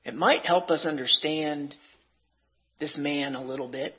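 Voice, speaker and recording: Slow husky preacher man. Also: fairly high pitch. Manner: slow, deliberate, emotional recitation. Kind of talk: sermon with dramatic poem reading. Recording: dull lo-fi recording.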